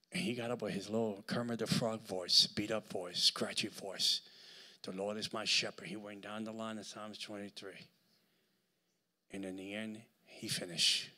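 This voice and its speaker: This guest speaker at a church service has a Puerto Rican accent and a fairly low voice. His sermon moves from animated storytelling into loud preaching.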